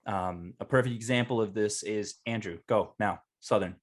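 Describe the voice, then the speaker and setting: A young male co-host with a fairly low voice, chatting casually on a podcast. He drops dry, teasing asides and stumbles a little through a mock ad read. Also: normal speed. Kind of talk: casual chat.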